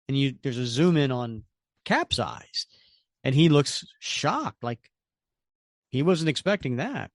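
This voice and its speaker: A co-host of a comic book podcast describes panels with enthusiasm and animation in a mid-range voice. He talks slowly with frequent pauses, recorded in studio quality without echo.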